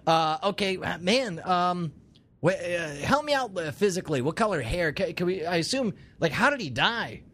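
A man's voice: high voice, animated, normal speed, bright, forceful tone. A man doing comedic improv, rambling through theories with puns and riffs. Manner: rambling, riffing, wordplay. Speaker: improv player.

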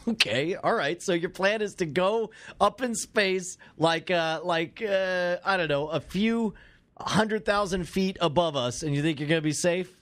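A man's voice: high voice, unhurried, a bit bright. A man on a casual comedy podcast, teasing his co-hosts with wry questions and laughing often. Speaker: podcast co-host.

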